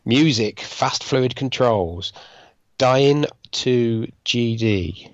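A man's voice: mid-range voice, very slow, no echo. A man with an easygoing, self-deprecating way of talking reads out listener scores on a casual podcast. His voice comes through dry, with a slightly muffled, dull sound, as if no room is around him at all. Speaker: podcast co-host.

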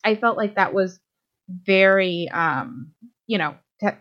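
A woman's voice: mid-range voice, takes it slowly. A woman co-hosting a podcast in an easygoing, rambling way, full of "um"s and "you know"s as she restarts her sentences. The audio is a little dull and lo-fi. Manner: chatty, many fillers and restarts. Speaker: podcast co-host. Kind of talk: casual fan chat.

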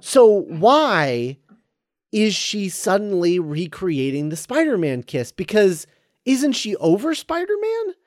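A man's voice: high-pitched, sing-song, slow pace, no room sound, clean studio sound. A man co-hosting a casual film discussion podcast, animatedly retelling scenes with laughs.

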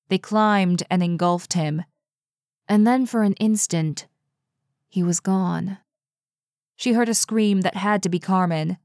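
A woman narrating a suspenseful story in a steady, measured way. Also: medium pitch, dry recording, clean studio sound. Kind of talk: audiobook narration.

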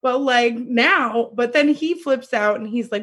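Conversational woman with a higher voice. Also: unhurried, hardly any pauses, husky. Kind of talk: casual chat reviewing a TV series.

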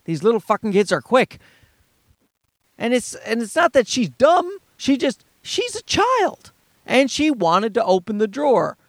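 A man's voice: high-pitched, sing-song, moderate pace, no room sound. A father ranting heatedly and profanely about other parents' advice, talking from inside his car. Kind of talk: ranting monologue.

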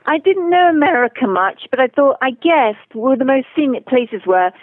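A woman with an English accent, a guest author telling her riding adventures in a lively, animated way, acting out the people she quotes. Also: high-pitched, normal speed, dry recording. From England. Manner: animated storyteller who acts out quoted voices. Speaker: guest, author and long-distance horse rider. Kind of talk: casual storytelling interview. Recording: tinny phone line.

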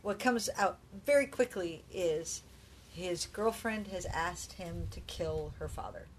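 A woman's voice: on the low side, takes it slowly, a little hiss or hum. Exhausted woman animatedly retelling a film. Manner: animated storyteller, acts out dialogue. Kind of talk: casual film chat.

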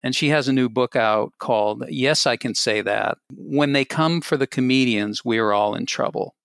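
Male host, wry and jokey, gravelly tone, dry close mic. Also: medium pitch, moderate pace, fairly bright tone, dry recording. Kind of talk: casual talk show chat.

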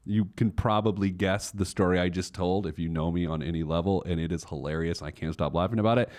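A man's voice: low-pitched, quick pace, darkish tone. A man hosting his own podcast, telling a story casually, full of fillers, restarts and laughter. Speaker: podcast host. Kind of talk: casual chat.

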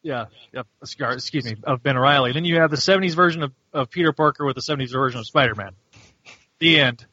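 A man casually reviewing a comic book on a podcast, animated and mocking as he recaps the plot. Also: mid-range voice, slightly rough, no echo, dull audio. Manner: animated, mocking, does quick voices for characters. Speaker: podcast host.

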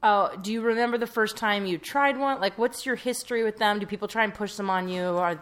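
Young adult woman, podcast co-host, casual chat, chatty storyteller, mid-pitched voice. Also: fast. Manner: chatty storyteller, frequent "like" fillers.

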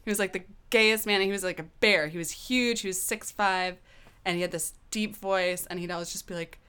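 A woman in her thirties telling a candid personal story as a guest, animated and swearing casually. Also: mid-range voice, brisk, clear, resonant tone.

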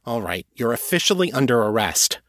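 A man's voice: medium pitch, very animated, fairly quick, a bit bright, no room sound. A tough, no-nonsense female investigator, as a male narrator puts her on for an audiobook. She barks short, commanding orders in a voice lifted a little above his own. The recording is close and dry. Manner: curt, commanding.

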